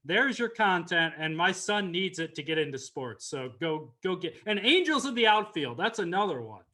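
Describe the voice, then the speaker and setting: A man's voice: sits high, big pitch swings, moderate pace, sharp tone. A man co-hosting a casual sports chat, making emphatic, opinionated points. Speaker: podcast co-host.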